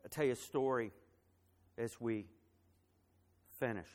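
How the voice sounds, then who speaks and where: A man preaching a sermon as pastor, building to loud emphatic phrases and dropping soft for a personal story, with some fillers and repeated words. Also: medium pitch, measured pace.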